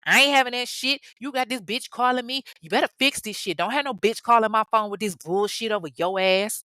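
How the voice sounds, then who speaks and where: A woman's voice: on the high side, a little fast, bright, forceful tone, no room sound, voice pushed up. A woman voicing an angry wife who scolds and curses bluntly. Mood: scolding. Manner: scolding, cursing. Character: angry adult wife, blunt and foul-mouthed.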